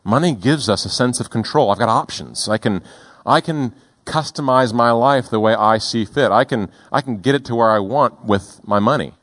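A male pastor preaching a sermon in a deliberate, emphatic way, slowing down on key words. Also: medium pitch, a bit bright.

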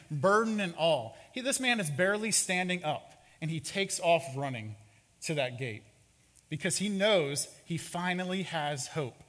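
Man preaching in an echoing hall. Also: a little high. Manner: expressive storytelling, dramatic. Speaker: pastor. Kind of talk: sermon. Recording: reverberant hall.

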